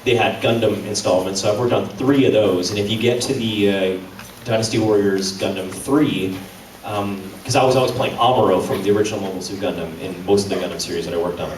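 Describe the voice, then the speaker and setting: A man's voice: lowish voice, fairly even intonation, a little fast, darkish tone. Casual male voice-actor panelist, self-deprecating, recorded from the crowd in a noisy hall. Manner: chatty, self-deprecating, laughs often. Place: large convention hall. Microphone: audience camera from a distance. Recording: echoey hall from far off, background noise.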